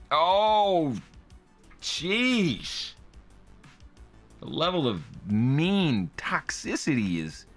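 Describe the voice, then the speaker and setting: A man hosting comedic commentary on reviews, with exaggerated reactions and frequent laughs. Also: mid-range voice. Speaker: host.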